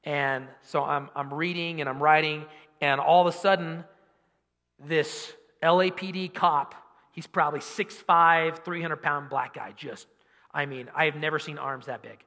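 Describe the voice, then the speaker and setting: A young man preaching, telling a personal story with animated energy and rising volume as he drives to his point. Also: fairly high pitch, unhurried. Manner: animated storytelling, loud when quoting himself. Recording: long hall reverb.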